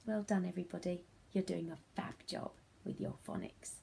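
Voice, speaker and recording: A woman's voice: on the low side, fairly even intonation, brisk, gravelly, dark tone, slight background noise. A woman teaching a phonics lesson to young children, speaking in a sing-song, encouraging way that often drops to a whisper.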